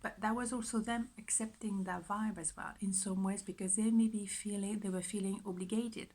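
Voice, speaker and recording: Soft-spoken woman giving a tarot reading. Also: medium pitch, steady tone, normal speed, rough recording. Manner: soft-spoken, often dropping to a whisper; chatty, repetitive, self-reassuring. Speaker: tarot reader. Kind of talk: pick-a-card tarot reading.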